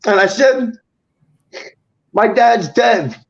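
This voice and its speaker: A man with a high, gravelly voice tells a personal story in quick bursts, tripping over his words and quoting each person. The audio is dull and lo-fi. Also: expressive. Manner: rapid, halting retelling with many restarts and quoted dialogue. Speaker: guest telling a personal story. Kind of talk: emotional storytelling on a talk show.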